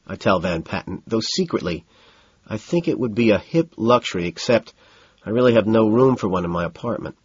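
A man narrating an audiobook in the first person, deadpan and detached, on a dull lo-fi recording. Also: lowish voice, a little fast, breathy edge, no echo.

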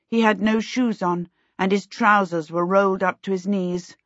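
A woman reading a children's storybook aloud in a measured, expressive way. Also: mid-range voice, no room sound, muffled recording. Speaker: audiobook narrator. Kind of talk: scripted storybook narration.

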